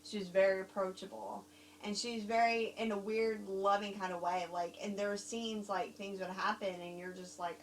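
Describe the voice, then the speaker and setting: A woman with a light American Southern accent, co-hosting a casual film review chat, rambling and animated, laughing often. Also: mid-range voice, moderate pace. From grew up overseas, Germany and Korea. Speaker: co-host reviewing films. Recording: distant mic with faint hum.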